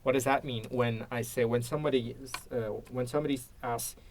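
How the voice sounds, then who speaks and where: A man's voice: mid-range voice, steady tone, brisk, darkish tone, slight background noise. Hesitant man practicing English. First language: Indonesian. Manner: hesitant, searching for words. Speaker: English learner, teacher. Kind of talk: casual English speaking practice.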